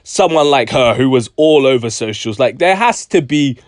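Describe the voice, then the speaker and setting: Man, vlog commentary, sarcastic, slangy, lively swinging pitch, dry close sound. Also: normal speed, dry recording. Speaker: YouTube commentator.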